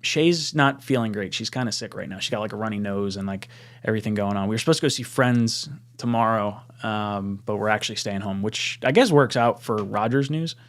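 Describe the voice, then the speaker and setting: A young man hosting a casual live stream. He reads out viewer comments and laughs often, and his voice jumps up when he gets excited. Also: on the low side, fairly quick.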